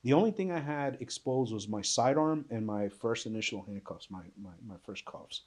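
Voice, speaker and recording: A man giving an emotional personal account as a panel guest, halting and subdued, with restarts and trailing pauses. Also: medium pitch, lively intonation. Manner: subdued, intense storytelling. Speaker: panel guest recounting survival.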